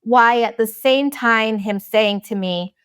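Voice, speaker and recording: A woman's voice: a little high, slow pace, fairly bright tone, clean tone, no echo, clean studio sound. A woman in her thirties hosting a podcast, talking frankly about her own life in a blunt, candid monologue and swearing freely. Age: 30s. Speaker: podcast host.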